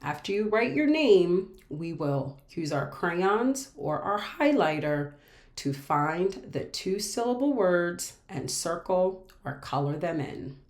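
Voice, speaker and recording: A woman teaching a reading lesson to children, speaking slowly and patiently and repeating each word with care. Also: fairly low pitch, big pitch swings, roomy sound. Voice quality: patient, repeats words carefully. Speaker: special education teacher. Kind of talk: slow, clear classroom instruction for children.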